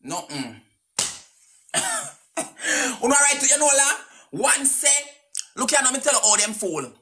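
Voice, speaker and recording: A woman's voice: high voice, huge pitch swings, takes it slowly, a bit bright. A woman with a Jamaican Patois accent ranting angrily on a live stream, cursing and taunting, sometimes half singing her words. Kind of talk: angry live-stream rant.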